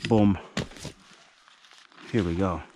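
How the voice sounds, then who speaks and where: A man's voice: low voice, fairly even intonation, extremely slow, dark tone, slight background noise. Joking man vlogging outdoors. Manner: joking, teasing, rambling. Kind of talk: casual vlog chat. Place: outdoors in a forest campsite.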